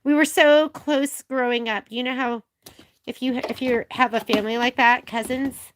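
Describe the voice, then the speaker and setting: A woman's voice: a little high, steady tone, moderate pace, background noise. A middle-aged woman hosting a sewing tutorial vlog, chatting away with rambling, gushing stories full of fillers. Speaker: sewing shop video host. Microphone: camera on a filming arm.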